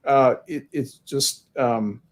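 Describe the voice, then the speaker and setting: A male podcast host in a casual group chat, talking haltingly with restarts and wry jokes. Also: mid-range voice.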